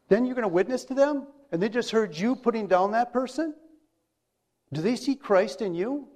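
A man preaching a sermon with a high-pitched voice. He talks in a loose, conversational way and keeps asking his listeners rhetorical questions. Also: expressive, moderate pace, a little mellow.

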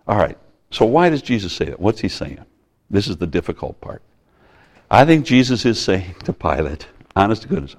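A male preacher giving a sermon in a loose, conversational way. His pitch swings widely as he acts out quotes and restarts his sentences. It sounds like live talk rather than a scripted reading. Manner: conversational, animated, with many restarts and acted quotes.

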